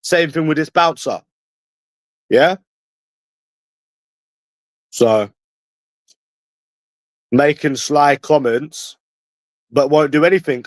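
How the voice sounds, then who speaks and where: Speaking slowly with frequent pauses, a slightly high-voiced man from London answers his livestream chat in a combative rant. He's profane, confrontational and repetitive, and there's no echo.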